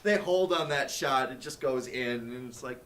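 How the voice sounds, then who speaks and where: A man's voice: medium pitch, moderate pace, fairly bright tone. A young man co-hosting a casual podcast, laid-back and enthusiastic, swearing often. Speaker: podcast co-host. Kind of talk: casual chat.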